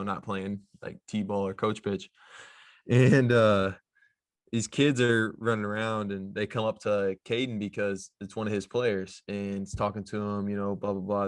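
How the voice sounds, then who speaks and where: A man's voice: lowish voice, no echo, clean studio sound. A young man, a pro basketball player, casually telling a story on a podcast in a laid-back, slangy way with lots of fillers.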